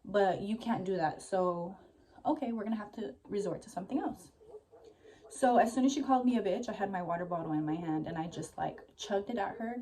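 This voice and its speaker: A woman's voice: medium pitch, brisk, dark tone. Breathless young woman telling a story. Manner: rambling, heavy use of "like", swears freely. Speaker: vlogger. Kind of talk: casual storytime vlog.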